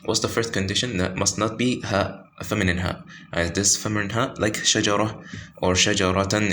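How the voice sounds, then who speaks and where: Very low-voiced man teaching tajweed. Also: a bit bright, slight background noise. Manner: halting, many fillers and self-corrections. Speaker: Quran recitation teacher. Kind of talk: informal tajweed lesson with screen pointing.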